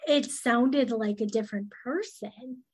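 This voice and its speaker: A woman hosts a podcast in a soft, soothing voice that sits a little high. She talks unhurriedly and hesitantly, often pausing on filler words. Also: husky. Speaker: podcast host. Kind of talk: podcast interview conversation.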